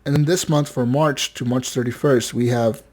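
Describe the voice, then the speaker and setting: A man's voice: medium pitch, fairly even intonation, moderate pace, darkish tone. A man co-hosting a gaming podcast, chatting casually and swearing a lot as he rambles and acts out quotes in mocking voices. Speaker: podcast co-host. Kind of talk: casual chat.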